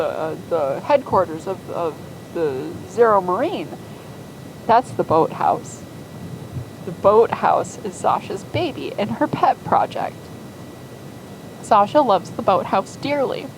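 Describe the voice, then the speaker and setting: A woman rambles happily through her fan-made story, unhurried and full of ums and likes. Her voice sits mid-pitch and easygoing, with a faint rumble in the background. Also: rough recording. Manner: rambling, enthusiastic, many fillers.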